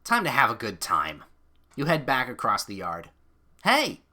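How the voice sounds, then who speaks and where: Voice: medium pitch, very animated, normal speed, bright, forceful tone. A streamer reading an interactive novel aloud in a casual, self-mocking way, with offhand swearing and chatty asides.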